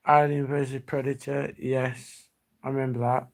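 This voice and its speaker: A man's voice: medium pitch, little pitch movement, moderate pace, creaky. A man hosting a livestream, reminiscing in a rambling, nostalgic chat that trails off. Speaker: livestream host.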